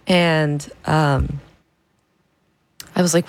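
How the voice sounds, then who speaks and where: Gravelly-voiced woman radio DJ. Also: steady tone, takes it slowly, long pauses. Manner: chatty, storytelling, laughs often, imitates her mom in a higher voice. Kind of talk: casual radio chat and back-announcing. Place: radio studio. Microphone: studio microphone.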